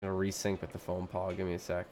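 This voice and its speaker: A man's voice: sits low, completely flat delivery, very fast, warm tone, slight background noise. A man streaming a game live, complaining in an exasperated, dramatic way and laughing a lot at his own troubles. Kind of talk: casual live gameplay commentary.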